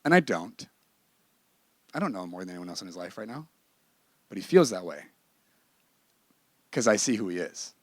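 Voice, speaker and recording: A man's voice: low voice, big pitch swings, normal speed, pauses often, dry recording. A man teaching a ministry class in a candid, emphatic, conversational sermon style. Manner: emphatic and candid, with bursts of laughter.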